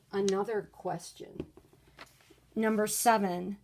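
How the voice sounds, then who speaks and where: A woman teaching a recorded grade-school lesson, patient and clear, sometimes reading example sentences with lively exclamations. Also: mid-range voice, unhurried, slight background noise. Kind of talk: recorded video lesson for children.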